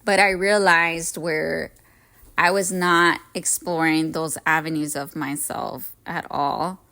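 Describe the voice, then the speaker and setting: Earnest slow-talking woman podcast host. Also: sits low, fairly even intonation, bright, forceful tone. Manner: emotional, earnest, self-help encouragement. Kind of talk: reflective solo podcast talk.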